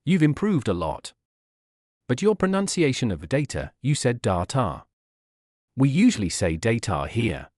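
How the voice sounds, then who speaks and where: A man's voice: mid-range voice, big pitch swings, measured pace, a little mellow, no room sound, studio quality. A man doing a friendly male coworker. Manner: friendly, easygoing.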